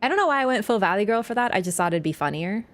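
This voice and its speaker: A young woman chatting live while she plays, giggly and self-mocking. Her voice sits at a middling pitch and jumps high when she laughs. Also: lively intonation, quick pace. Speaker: livestreamer. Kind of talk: casual game-stream chat.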